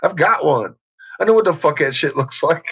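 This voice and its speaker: A man's voice: fairly high pitch, animated, moderate pace, fairly bright tone, slightly rough. A man in casual chat who keeps breaking into laughter, with a crude, profane manner. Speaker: podcast host. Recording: dull lo-fi recording.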